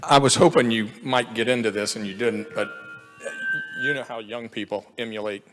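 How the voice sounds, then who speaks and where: A man's voice: lowish voice, steady tone, normal speed, music in the background. A man in the audience asking a chatty, self-deprecating question, heard from far off. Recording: far from the mic in a reverberant hall.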